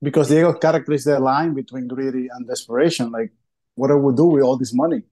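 A male interviewer on a video call, with a friendly and slightly halting way of speaking. His voice sits at a middling pitch, and his replies are often short nods of agreement. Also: steady tone, warm tone, rough recording.

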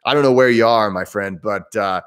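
A man's voice: lowish voice, brisk, a bit bright, clear, resonant tone. A man hosting a live Q&A, talking casually and rambling with many restarts. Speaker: breathwork teacher hosting a live Q&A. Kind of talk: casual live-stream chat.

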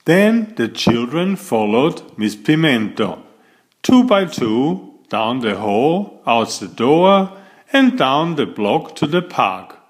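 A man reading a children's picture book aloud as a bedtime story. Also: mid-range voice. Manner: slow, expressive storytelling. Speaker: storybook reader.

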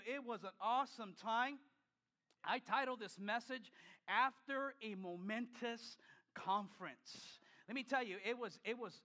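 High, bright-voiced older male pastor preaching. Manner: emphatic, repetitive preaching with many restarts. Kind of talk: sermon.

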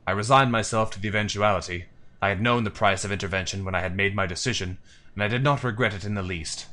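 A man narrates a text adventure aloud in expressive storybook fashion, pausing for musing asides. His voice sits low and deep. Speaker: let's play narrator.

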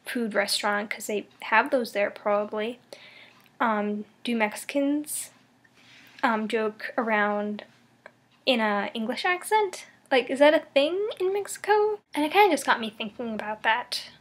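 A woman's voice: a little high, animated, a little slow. A young woman talking casually to camera in a vlog, sharing her thoughts in a rambling, thoughtful way with many fillers and restarts. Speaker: vlogger.

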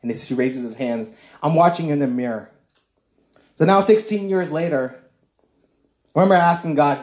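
A man telling a personal faith testimony as casual talk, acting out both sides of a conversation with lively shifts of voice. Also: fairly high pitch, moderate pace, long pauses, reverberant. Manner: acts out dialogue with shifting voices. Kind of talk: animated storytelling testimony.

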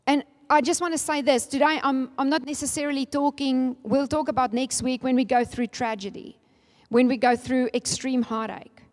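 A woman's voice: high voice, steady tone, moderate pace, darkish tone. A middle-aged woman preaching a sermon, earnest and emphatic, her voice leaping up on key points. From Namibia. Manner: earnest, emphatic with rising spikes. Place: church hall. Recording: long church hall reverb.

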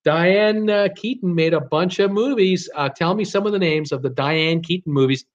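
A man's voice: sits high, normal speed, dull audio. Chatty man hosting live trivia. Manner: chatty, reads viewer names and answers, frequent uh fillers. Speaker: live-stream trivia host. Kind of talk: casual live-stream chat.

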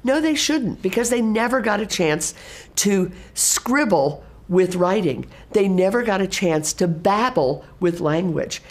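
A middle-aged woman, an assistive technology specialist, explaining teaching practice in a lively way and acting out classroom exchanges. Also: fairly low pitch. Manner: animated, acts out classroom exchanges in exaggerated teacher voices.

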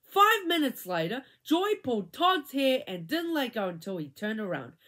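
A woman reads a children's chapter book aloud with lively expression at a moderate pace. Her fairly high voice swings up and down widely from one line to the next.

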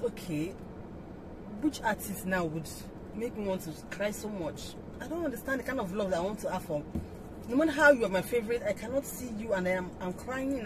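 A woman hosting an entertainment news vlog, talking casually and musing aloud with rhetorical questions. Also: fairly high pitch. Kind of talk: casual chatty commentary. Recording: noisy background hiss.

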